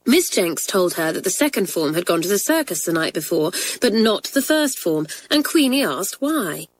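Woman reading a kind but firm schoolteacher, measured, talking to her class in a storybook. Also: on the low side, sing-song, low-quality recording. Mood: explaining. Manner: measured, warm-humoured teacher's tone.

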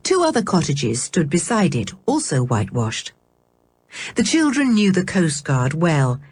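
A woman reading a children's storybook aloud, expressive and measured. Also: low voice, husky. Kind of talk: storybook narration.

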